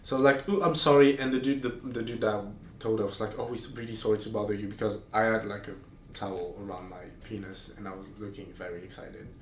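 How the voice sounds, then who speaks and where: A man with a fairly low pitch and fairly even intonation talks at a quick pace as a podcast host. His casual chat features candid, explicit storytelling loaded with fillers and restarts, captured far from the mic in a roomy room with faint noise.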